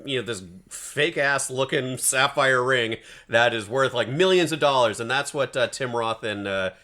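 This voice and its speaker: A man co-hosts a movie podcast in a relaxed, offhand way and drops the odd swear word. His voice sits at an ordinary middle pitch. He keeps an unhurried, conversational tone. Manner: laid-back, swears casually. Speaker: podcast co-host. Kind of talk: casual movie review chat.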